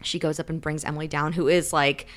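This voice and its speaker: A woman's voice: low voice, flat delivery, fast talker. A woman co-hosting a podcast, casually retelling a story and saying "like" a lot while briefly acting out the characters' lines. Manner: chatty, heavy use of "like"; acts out quotes in shifting voices. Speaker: podcast co-host. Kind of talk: casual book recap chat.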